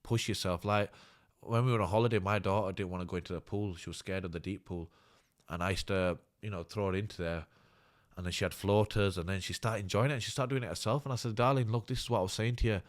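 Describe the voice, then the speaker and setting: A man's voice: fairly low pitch, steady tone, quick pace. A man, a fighter talking candidly and earnestly as an interview guest. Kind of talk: casual interview talk.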